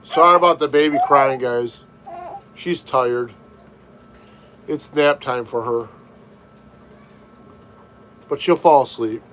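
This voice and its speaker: A man's voice: medium pitch, slow pace, pauses often, rough recording. A man hosting a casual live stream, chatting with viewers and greeting them by name. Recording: loud background noise. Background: loud noise.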